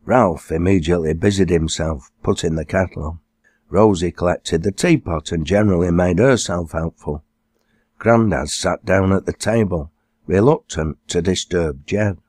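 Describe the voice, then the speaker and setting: A man, the author, reading his own novel aloud as expressive audiobook narration. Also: sits low, normal speed, no echo, studio quality. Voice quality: expressive storytelling.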